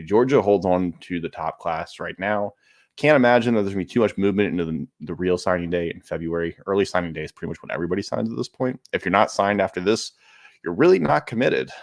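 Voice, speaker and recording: A man with a deep, gravelly voice co-hosts a sports podcast, talking casually and steadily. He runs through stats and rankings in a matter-of-fact way.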